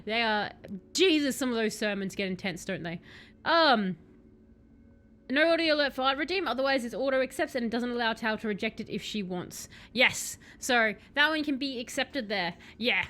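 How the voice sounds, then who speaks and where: Woman, game streamer, casual joking chat, high voice. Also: pushed and bright. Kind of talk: casual live game commentary.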